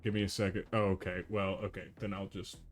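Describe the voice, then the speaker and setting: A man's voice: deep voice, flat delivery, fast talker, faint music behind. Casual man rambling with "like". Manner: casual, fills speech with "like". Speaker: player. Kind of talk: tabletop game chat.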